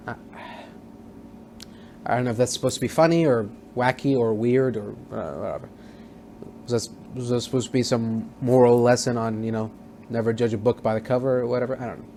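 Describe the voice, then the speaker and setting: A man's voice: medium pitch, dark tone, slight background noise. A man casually recapping a TV episode as a reviewer, rambling with many fillers and restarts. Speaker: TV show reviewer.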